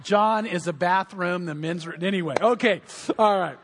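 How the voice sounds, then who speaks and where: A man's voice: high-pitched, moderate pace, a little hiss or hum. A man preaching a sermon as pastor in a church, telling humorous stories. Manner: humorous storytelling.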